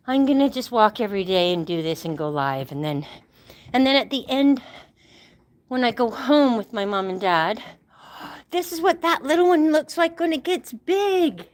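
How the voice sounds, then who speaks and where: A livestream host from Utah, middle-aged, chats casually into her phone while exercising on an outdoor walk, breathless, rambling, and laughing frequently. Her voice sits on the high side, and there's no room sound.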